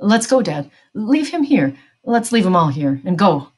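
A woman's voice: medium pitch, very animated, unhurried, a little mellow, slightly rough. Woman reading as a teen boy, desperate, urgent, pleading. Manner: screaming, then pleading. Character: desperate teenage boy, grieving and angry.

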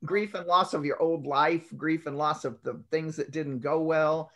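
A woman's voice: low voice, steady tone, normal speed. A woman nurse on a talk show, explaining in an earnest, list-like way. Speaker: guest nurse. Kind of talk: conversational expert talk.

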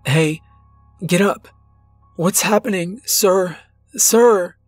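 A man's voice: high-pitched, very slow, soft background music, voice pushed up, heavily acted. A man voicing a terrified young woman trapped in a car, pleading in a raised, panicked voice.

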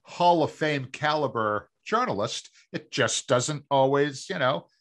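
A middle-aged man from Massachusetts, co-hosting a sports podcast in a measured, explaining way. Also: lively intonation, a bit bright. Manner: measured, explaining, lower when reflective. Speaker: producer and co-host. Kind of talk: casual sports talk.

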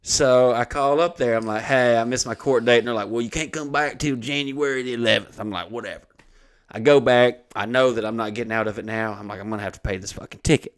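A comedian hosting a comedy podcast tells a long story in a fast, clear, resonant mid-range voice. He swears freely and animatedly acts out the other people's voices as he goes.

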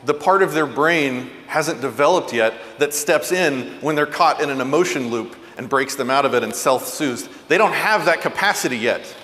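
Man, parenting talk, earnest storyteller, fairly high voice, long hall reverb. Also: moderate pace, few pauses. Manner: earnest, animated storyteller, drops soft and low for tender moments. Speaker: parenting speaker. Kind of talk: motivational talk.

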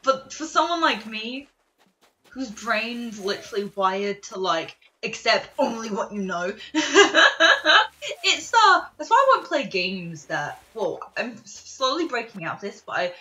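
A young woman streamer rambling in casual chat, excitable, with lots of fillers and laughs. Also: a little high, a little slow. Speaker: gaming streamer.

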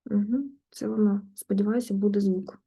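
A woman English teacher chatting casually while setting up an online lesson, with a husky voice. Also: mid-range voice, steady tone, brisk, dark tone, poor audio.

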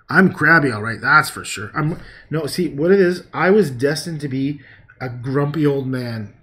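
His voice is mid-range, pushed and bright, delivered at a moderate speed. While he paints on a livestream, he jokes around, swears, laughs at his own humor, and talks back to comments from viewers in a relaxed way.

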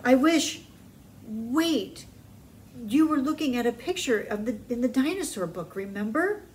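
A woman voicing a bold, eager young girl with excited exclamations in a storybook. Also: on the high side, a little slow, slight background noise, voice pushed up.

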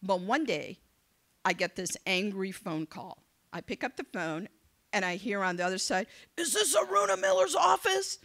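A woman giving a motivational speech to young people, telling a story in an animated, conversational way and acting out the dialogue. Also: fairly low pitch, normal speed. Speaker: keynote speaker. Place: event venue.

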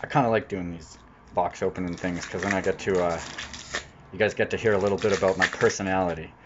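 A man's voice: deep voice, quick pace, noisy background. Chatty man unboxing cards, lo-fi. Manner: chatty, jokey, prone to excited outbursts. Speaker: channel host unboxing cards. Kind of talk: casual unboxing commentary. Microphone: off-camera voice-over mic.

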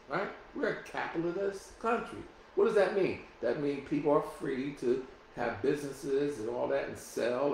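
A man's voice: medium pitch, creaky, heavy reverb, slight background noise, poor audio. A male pastor preaching a sermon, reading from his notes with many restarts and asides. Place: church sanctuary.

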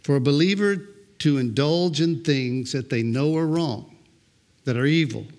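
A man's voice: a little high, measured pace, a little mellow. An older man preaching a sermon as pastor, talking in a loose conversational way and often repeating words as he goes.

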